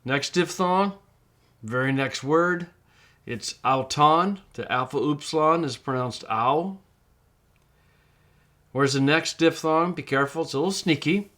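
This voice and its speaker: A middle-aged man teaching in a screencast tutorial, explaining step by step and slowing down to model words. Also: a little high, a bit bright. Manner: patient, explains step by step, slows down to model pronunciation. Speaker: Greek teacher.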